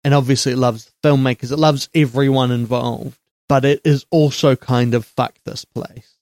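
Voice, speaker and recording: A man hosting a casual film podcast, chatty, with quick asides and jokes. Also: mid-range voice, fairly even intonation, a little mellow, no room sound, studio quality. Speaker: podcast host.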